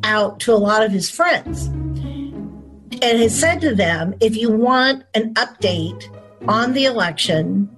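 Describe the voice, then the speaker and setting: A woman in an interview, telling a story in a lively way and acting out her phone calls. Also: a little high, takes it slowly, rough recording. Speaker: former chief of staff recalling election night. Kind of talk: interview recollection. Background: music.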